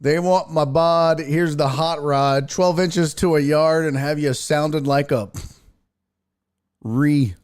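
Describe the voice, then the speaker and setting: Here the sports talk host's voice comes out slow and smooth. On his casual livestream he banters through viewer comments read aloud, staying animated and jokey while his pitch jumps all over the place.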